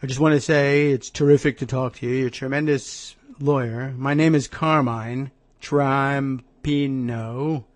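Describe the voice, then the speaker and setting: A man's voice: mid-range voice, steady tone, a little slow, no echo, natural voice. A man voicing a menacing male phone caller with a thick New York accent, mock-friendly and threatening.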